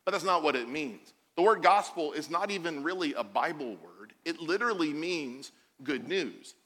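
A bright, high-pitched man in his forties delivers a lively sermon, joking and acting out the quotes he tells. His voice rings out with a long reverb from the church hall around him. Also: normal speed, slightly rough. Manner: animated, jokey, acts out quotes. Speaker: pastor.

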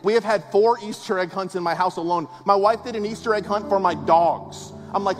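Male pastor, high voice, conversational but emphatic sermon delivery, big echoing church hall. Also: brisk, hardly any pauses. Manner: conversational, emphatic preaching with rhetorical questions. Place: large church auditorium. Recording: long hall reverb with faint music.

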